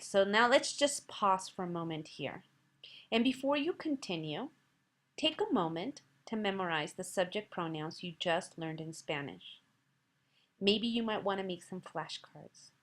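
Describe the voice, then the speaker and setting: A woman's voice: mid-range voice, fairly bright tone. A woman teaching Spanish in a recorded slide lesson, patient and encouraging, carefully pronouncing Spanish words and quizzing the listener. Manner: patient, encouraging, asks quiz questions to the listener.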